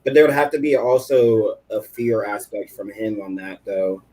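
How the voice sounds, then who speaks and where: A man calmly explaining legal points in a casual discussion. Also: fairly low pitch, rough recording. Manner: explanatory, measured. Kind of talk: casual chat.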